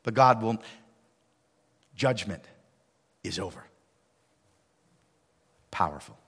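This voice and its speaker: A man's voice: mid-range voice, husky. Preaching man in a reverberant church. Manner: dynamic preaching, swings from hushed to loud. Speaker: pastor. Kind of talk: sermon. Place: church sanctuary. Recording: long hall reverb.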